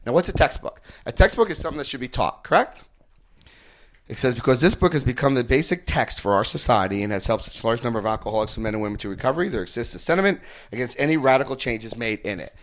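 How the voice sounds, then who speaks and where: A man's voice: medium pitch, quick pace. A middle-aged man speaking to a recovery group, telling stories with quoted voices and asking the room questions. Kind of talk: informal group talk.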